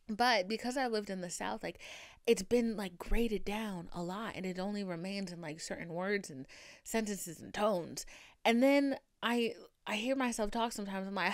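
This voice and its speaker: A young woman from the Boston area with a light Boston accent, hosting a podcast in a chatty, profane, animated monologue. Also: mid-range voice, moderate pace, no echo, clean studio sound. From Boston area, USA. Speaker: podcast host. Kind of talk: casual monologue.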